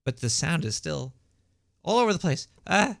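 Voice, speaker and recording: A man voicing a paranoid cartoon rat host with a shrill voice and a Brooklyn accent, rambling conspiratorially with many stumbling restarts. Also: very animated, moderate pace, creaky, a bit bright, no room sound, studio quality, full character voice. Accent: Brooklyn New York. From Brooklyn, New York. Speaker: podcast host. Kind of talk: rambling comedic monologue. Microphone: home setup.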